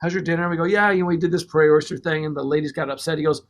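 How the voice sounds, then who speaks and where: Fast-talking high-voiced male storyteller. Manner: animated, laughing storyteller. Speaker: record producer. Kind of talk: casual storytelling in a podcast interview.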